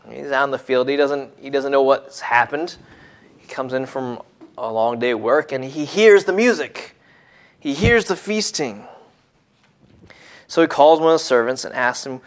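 A man preaching a sermon in an expressive way, dropping to hushed tones and then rising to emphatic points. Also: medium pitch, moderate pace.

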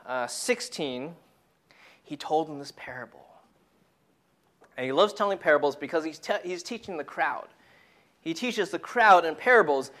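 A male preacher gives a casual sermon to young people, talking in an easy, conversational way. He stresses and repeats his key points, with a voice sitting a bit high that swings up and down a lot. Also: a bit bright.

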